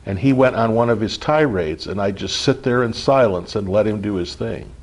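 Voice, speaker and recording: Middle-aged man, husky voice, earnest informal preacher who keeps checking in with the group. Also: lowish voice, lively intonation, normal speed, darkish tone. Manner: earnest, repetitive, frequent "okay?" check-ins. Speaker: spiritual group leader. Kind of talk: informal spiritual teaching.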